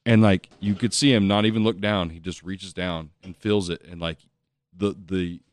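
A man's voice: low voice, steady tone, normal speed. A man telling a long bar story in casual chat, profane and laughing often as he rambles.

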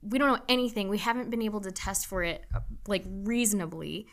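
A woman's voice: mid-range voice, brisk. A young woman nurse being interviewed, talking candidly and emotionally, swearing freely. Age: young adult. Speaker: nurse guest. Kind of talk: casual interview talk.

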